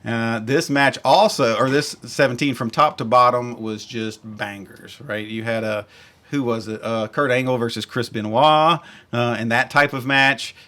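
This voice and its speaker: A man's voice: medium pitch, steady tone, measured pace, fairly bright tone. A man hosting a podcast, chatting casually and with enthusiasm, rambling and correcting himself as he goes. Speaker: podcast host. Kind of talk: casual chat.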